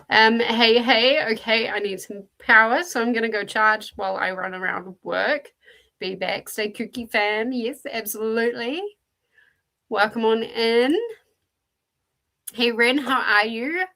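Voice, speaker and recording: A woman's voice: fairly high pitch, unhurried, vocal fry, pauses often, bright, forceful tone. A woman with a New Zealand accent, hosting a casual livestream and chattily greeting viewers by name as she answers the chat. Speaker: livestream host.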